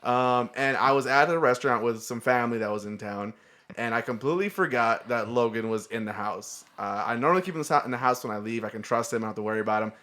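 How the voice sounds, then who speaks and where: A man co-hosting a podcast, chatting in a relaxed way and laughing often. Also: mid-range voice, fast. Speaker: podcast co-host. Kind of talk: casual chat.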